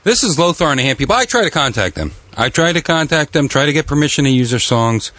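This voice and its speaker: A man hosting a comic talk show, wisecracking and halting, with many fillers and restarts, often jumping into loud, high, exaggerated voices. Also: big pitch swings, dry recording. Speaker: radio show host.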